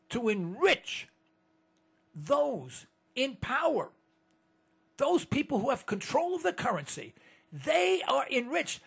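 Gravelly indignant man ranting, animated pitch. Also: slow pace, long pauses. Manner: indignant, rambling, with many restarts. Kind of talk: monologue to listeners.

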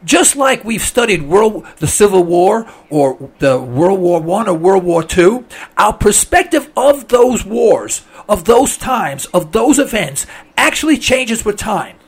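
On his call-in radio program, this high-voiced host talks slowly with big swings in pitch, pushing strong opinions emphatically and addressing everyone as folks. His voice falters, and he clears his throat.

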